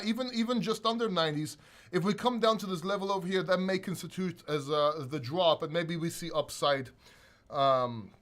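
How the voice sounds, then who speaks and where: A man's voice: fairly high pitch, a bit bright. A man hosting a casual crypto livestream, talking loosely, laughing a lot and swearing freely.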